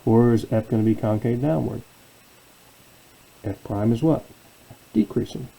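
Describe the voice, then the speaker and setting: A man's voice: mid-range voice, moderate pace, creaky, warm tone, low-quality recording. A man teaching a calculus lesson as a professor, asking questions and answering them himself. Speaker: math professor. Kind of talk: calculus lecture.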